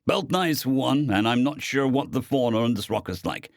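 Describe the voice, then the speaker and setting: A man voicing a gruff, weary adult spaceship captain who talks in a dry, grumbling, mildly teasing way. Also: medium pitch, animated, normal speed, no echo, lightly acted. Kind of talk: audiobook character voice.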